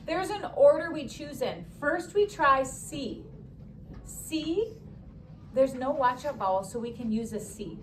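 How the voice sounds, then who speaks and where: Calling out spelling words to her class, a young woman stretches them out for emphasis in her high voice and slips in quick, cheerful asides. Faint room noise from the classroom runs underneath.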